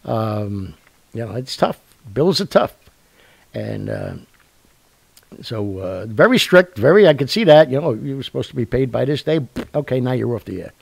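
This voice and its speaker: A man's voice: mid-range voice, very animated, moderate pace, gravelly, a little mellow, breathy edge, dry recording. A man hosting a live online show, rambling and joking in casual chat. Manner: rambling, jokey, with fillers and laughs. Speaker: show host.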